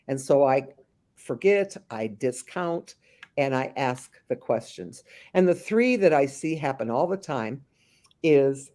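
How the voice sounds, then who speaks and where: A woman working as a memory care consultant, answering interview questions with lively acted-out anecdotes and frequent restarts. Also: very deep voice, slow pace. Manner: animated storyteller, slips into voices of the people she describes; frequent restarts and thinking aloud.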